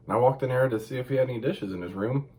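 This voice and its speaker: A man co-hosting a casual podcast, telling stories with lots of swearing and sudden high-pitched outbursts. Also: racing. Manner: animated storytelling, jumps high for exclamations. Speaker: podcast co-host. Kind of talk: casual profane chat.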